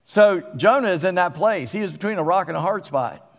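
A man's voice: sits high, lively intonation, a little fast, faint music behind. A man with a Southern US accent preaching a sermon as a pastor, folksy and conversational. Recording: long reverb of a church hall.

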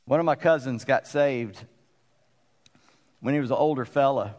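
Folksy preacher in a reverberant hall. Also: male voice, mid-range voice, darkish tone. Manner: folksy and conversational, with emphatic pauses. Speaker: pastor. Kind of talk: sermon.

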